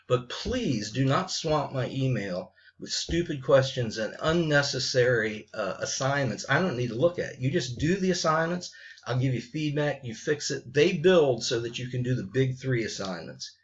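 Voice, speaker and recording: A middle-aged man talks straight to his writing students at a middle pitch, blunt and frank, stumbling and restarting as he goes. The recording is dull and lo-fi, like a simple home setup. He sounds like an old-school college teacher speaking off the cuff. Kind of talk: unscripted video message to students.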